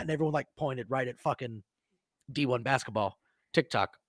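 A man co-hosting a podcast, telling profane, animated stories and shouting out quoted lines. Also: mid-range voice, fairly quick, no echo, studio quality. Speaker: podcast co-host. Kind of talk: casual storytelling chat.

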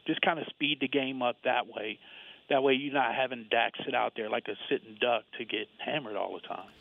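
Man, caller, tinny dry phone line, steady detailed, some ums. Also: medium pitch, normal speed, gravelly, no room sound. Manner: steady, detailed breakdown with fillers. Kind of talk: call-in comments.

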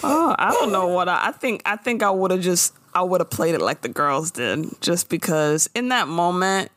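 A woman recaps a show in casual chat, her pitch sitting a bit low but swinging widely as she acts out lines. The sound is dry and close. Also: moderate pace, dry recording. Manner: animated storytelling, acting out characters' lines with laughs. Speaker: podcast co-host recapping a TV episode.

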